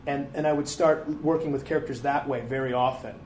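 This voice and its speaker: Animated man telling stories in an echoey room. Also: medium pitch, a little fast. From Detroit, USA. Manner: animated storytelling with frequent restarts and laughs. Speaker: actor and comedian, interview guest. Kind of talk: candid conversational interview. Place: live interview before an audience. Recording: echoey room, faint ambient noise.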